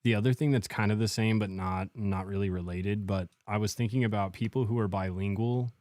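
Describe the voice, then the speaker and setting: Very deep-voiced laid-back man. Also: fairly even intonation, brisk, darkish tone, no echo, studio quality. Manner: laid-back, joking, slangy. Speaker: podcast co-host. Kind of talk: casual chat.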